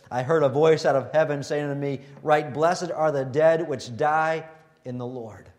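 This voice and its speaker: A man preaching a sermon, reading scripture and quotes, and turning animated when he voices the scoffers. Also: mid-range voice.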